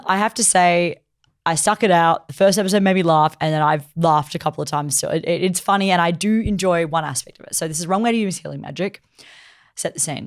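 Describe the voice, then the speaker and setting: A woman co-hosting a casual anime chat, retelling a plot in animated style and acting out the characters' lines with lots of "like". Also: low voice, smooth. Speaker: podcast co-host reviewing anime.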